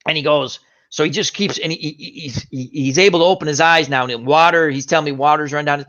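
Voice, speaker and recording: Guy hosting a chat, animated story, bright sharp voice, kinda muffled lo-fi audio. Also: fairly high pitch, fast. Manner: animated anecdote teller, acts out quoted voices. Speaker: host. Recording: dull lo-fi stream audio.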